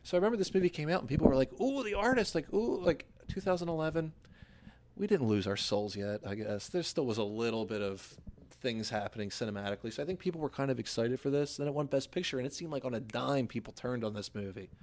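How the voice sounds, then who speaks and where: A man of ordinary middle pitch who co-hosts a podcast and gives his film opinions bluntly. He swears offhandedly and talks in loose, casual chat. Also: lively intonation, fast talker, a little mellow. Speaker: podcast co-host.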